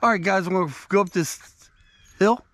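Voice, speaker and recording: A man's high, fairly bright voice comes through a dry recording as he talks a little fast while vlogging on a country walk, rambling through a casual story for his viewers as he goes.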